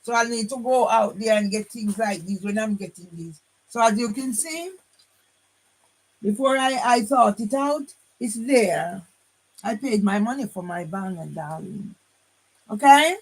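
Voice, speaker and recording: An older woman talking to her phone camera in a rambling, combative monologue, often pausing on a challenging "yeah?". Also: mid-range voice, husky, poor audio. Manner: combative, repeats tag question "yeah?"; rambling, restarts lines. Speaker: vlogger.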